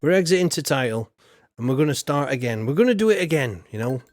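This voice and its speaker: A man's voice: medium pitch, animated, quick pace. A man streaming a farming game, rambling casually and greeting viewers by name. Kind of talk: casual gameplay commentary.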